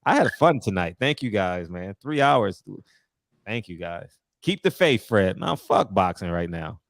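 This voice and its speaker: A joking man hosts a loose barbershop conversation, his voice swinging up and down in pitch. He is recorded up close with a dry sound. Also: unhurried, no echo. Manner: joking, animated, thanks guests in turn. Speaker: podcast host. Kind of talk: casual barbershop chat.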